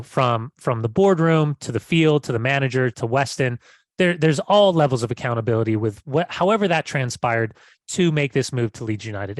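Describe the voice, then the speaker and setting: A man in a casual podcast conversation, animated and easygoing, stumbling over his openings. He sits at a medium pitch, and the sound is dry with no room around it. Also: dry recording. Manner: animated, repeats words when starting sentences. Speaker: podcast co-host.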